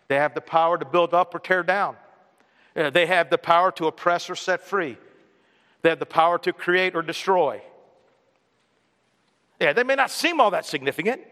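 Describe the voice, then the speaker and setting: A man's voice: fairly high pitch, a bit bright, big-room sound. A male pastor preaching a sermon in a conversational way, often putting questions to the congregation.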